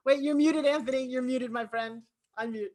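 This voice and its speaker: A woman from Long Island with a New York accent, telling her life story as an expressive, talkative guest on a video call interview. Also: high voice. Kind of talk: animated storytelling.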